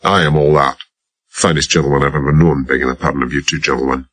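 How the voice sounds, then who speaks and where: A man's voice: very deep voice, fairly even intonation, fast talker, fairly bright tone, breathy edge, no echo, exaggerated voice. A man voicing an old, wizened male transporter driver with a Glasgow accent, indignant and unperturbed.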